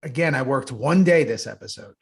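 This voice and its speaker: A man co-hosting a podcast, telling animated stories in casual chat and swearing freely. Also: mid-range voice, brisk, gravelly, husky. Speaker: podcast co-host.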